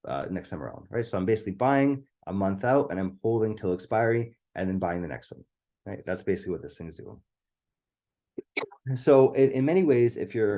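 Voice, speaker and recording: A low, mellow-voiced man presenting a live online webinar into a computer mic. His voice is going a little hoarse. He talks eagerly and keeps tagging "right?" onto his points. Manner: enthusiastic, keeps asking "right?".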